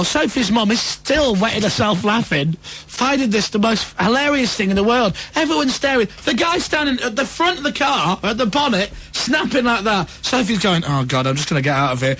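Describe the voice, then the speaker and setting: A man hosting a breakfast radio show, telling a story in a bouncy way and snapping into quick voices for each character. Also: high-pitched, a bit bright, slightly rough. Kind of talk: radio show chat and anecdote.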